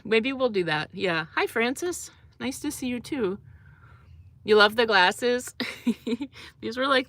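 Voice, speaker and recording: A woman's voice: medium pitch, bright, forceful tone, dry recording. A young woman hosting a casual livestream, chatting loosely with lots of fillers and laughs as she reads comments. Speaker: livestream host.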